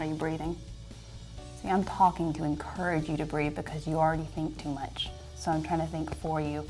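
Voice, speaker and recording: A woman's voice: sits low, mellow. Chatty, playful woman yoga instructor. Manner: chatty, playful and joking while guiding poses. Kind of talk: guided yoga class.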